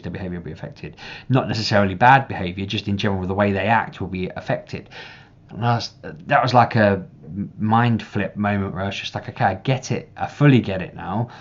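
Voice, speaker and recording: Deep-voiced man, rambling vlog chat. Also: fast, highs cut off. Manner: rambling, restarts often, animated when reenacting. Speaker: parent vlogger. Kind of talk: casual chat to camera.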